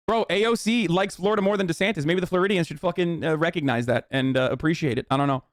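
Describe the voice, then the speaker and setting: Guy streamer ranting quick and cussing, kinda high voice, dead dry mic. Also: no room sound. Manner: profane, mocking, animated riffing. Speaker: streamer commentator. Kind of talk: casual reaction commentary.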